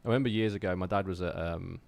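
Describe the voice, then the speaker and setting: An English man talks to his live-stream chat in a slightly low voice. He rambles with plenty of fillers and restarts, but stays earnest and fired up as he urges listeners to keep pushing toward their creative goals. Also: fast talker, gravelly, darkish tone. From England.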